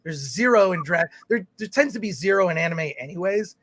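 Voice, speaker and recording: On a live film talk show, a male co-host rambles casually, restarting his points repeatedly and reading viewer comments out loud. His high-pitched, slightly bright voice has lively intonation and moves a little fast. There's no room sound.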